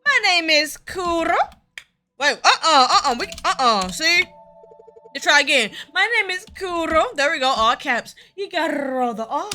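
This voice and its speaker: A woman's voice: high-pitched, lively intonation, normal speed, pushed and bright, soft background music. A young woman playing a visual novel with commentary, playful and teasing, laughing often and throwing in slangy asides. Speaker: gaming content creator.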